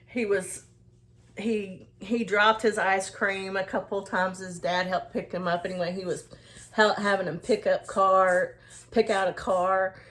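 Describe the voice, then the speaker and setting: A woman's voice: medium pitch, fairly even intonation, measured pace, fairly bright tone. A woman vlogger telling a casual story to her viewers, rambling along with many restarts and fillers as she talks to the camera. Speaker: skincare and self-care vlogger.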